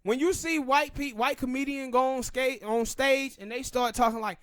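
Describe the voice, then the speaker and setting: A man's voice: very high-pitched, fairly even intonation, fairly bright tone, dry recording, studio quality. A man with a Southern US accent, hosting a podcast and giving emphatic, opinionated commentary. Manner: emphatic, ranting, drawn-out pauses. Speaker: podcast host.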